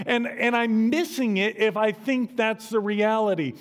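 A middle-aged pastor delivers a sermon in a fairly high voice. His tone stays conversational and casual. Now and then he pushes into emphatic peaks. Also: normal speed, hardly any pauses. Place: church.

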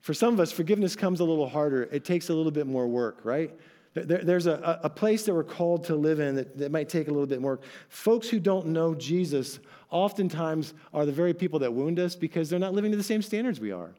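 A man's voice: a little high, expressive, fairly quick, warm tone. A male pastor giving a sermon, telling stories animatedly and acting out voices with emphatic asides to his congregation.

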